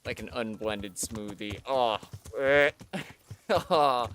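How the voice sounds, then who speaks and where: A man streams a video game with casual let's-play commentary, talking to the on-screen character and making fun of his own mistakes. His somewhat low voice is slow and a bit bright, with slight background noise.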